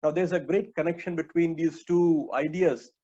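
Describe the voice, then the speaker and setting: Male preacher, sermon delivery, earnest with filler pauses, slightly high pitch, muffled lo-fi audio. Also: steady tone, mellow. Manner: earnest, addresses listeners as my friends, frequent uh fillers. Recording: dull lo-fi recording.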